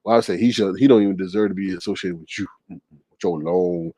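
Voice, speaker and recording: A man hosting a casual livestream and reading chat comments, speaking with an animated, gossipy manner full of exclamations. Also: deep voice, fast talker, dry recording.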